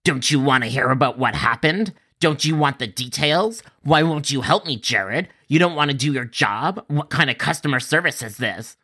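A crude, outraged woman caller, as a man puts her on. She drags out her accusations slowly and keeps pressing. The voice is pitched in the middle. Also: lively intonation, bright, forceful tone. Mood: indignant.

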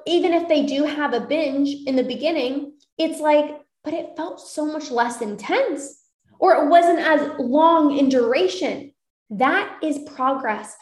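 A high-voiced woman talks like an upbeat coach, cheering her listeners on and repeating her key lines. She speaks on a live stream from an echoey room. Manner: upbeat, encouraging, repeats phrases. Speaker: binge eating coach.

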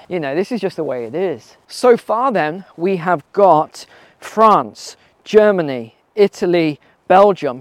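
A man's voice: a little high, dry recording. A man giving casual spoken commentary while walking on a mountain trail, asking rhetorical questions and using frequent fillers. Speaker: vlogger.

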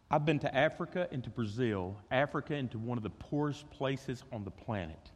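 Animated high-voiced preacher. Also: male voice. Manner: animated preaching, acts out voices, repeats words. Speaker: pastor. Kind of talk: sermon. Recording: long reverb of a church hall.

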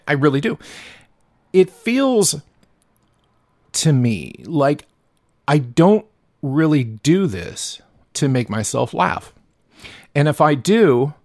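A man from the Pacific Northwest of the US hosts his own podcast, ranting alone in a worked-up, profane manner and often stumbling and starting over. His mid-range voice is a little mellow, and the studio sound is clean with no echo.

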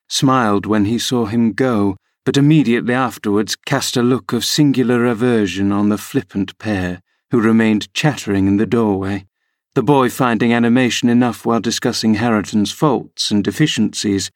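A man reading a classic novel aloud in measured, even scripted narration. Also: lowish voice, no echo, clean studio sound. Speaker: audiobook reader.

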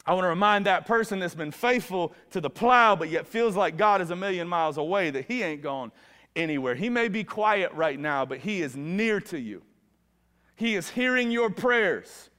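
A male pastor preaching a sermon with fervor, his voice swinging from hushed lows to loud, ringing peaks. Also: expressive, normal speed. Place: church sanctuary. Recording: long reverb of a large hall.

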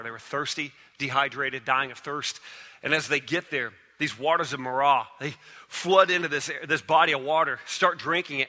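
A man preaching a sermon in a conversational style, his voice dropping soft and then swelling as he tells the story. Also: medium pitch. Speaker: pastor. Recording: long hall reverb.

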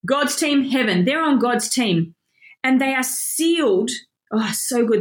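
A woman giving an energetic Bible lesson, reading scripture aloud and commenting emphatically. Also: a little high, unhurried. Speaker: Bible teacher. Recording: echoey room.

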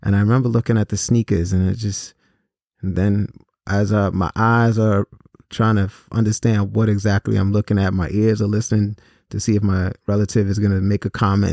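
A man with a low, gravelly voice and a dark, mellow tone tells a personal story to young listeners. He talks earnestly and at a measured pace, often pausing on small fillers. The sound is dry and close, with no room around it. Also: dry recording. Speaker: host and speaker on violence prevention. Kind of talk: personal storytelling talk to students.

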